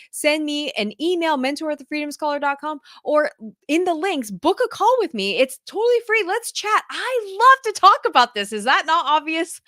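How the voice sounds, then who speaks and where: Woman, parenting coach, high voice, bubbly and chatty, dry close recording. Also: a bit bright, no room sound. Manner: bubbly, enthusiastic, laughs often. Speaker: parenting leadership mentor; mother. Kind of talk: casual live chat to viewers.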